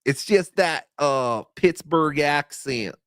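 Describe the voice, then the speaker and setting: A man's voice: on the high side, lively intonation, slow, a bit bright, no echo, clean studio sound. Joking, rambling male stream host. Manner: rambling, joking, self-deprecating. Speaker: livestream host reading chat donations. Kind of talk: casual livestream chat.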